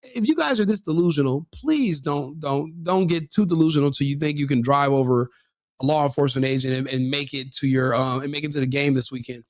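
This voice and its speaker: A man's voice: fairly high pitch, a little fast, no room sound, studio quality. A man commenting on a video in a brash, mocking, combative way, laughing at his own jokes. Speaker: online commentator reacting to a video. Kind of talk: profane reaction commentary.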